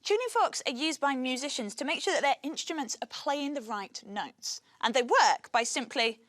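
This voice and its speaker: A woman presenting a children's science lesson in an upbeat, clear way. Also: sits high, expressive, normal speed, a bit bright, no room sound. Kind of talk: scripted science lesson for kids. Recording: music playing behind the voice.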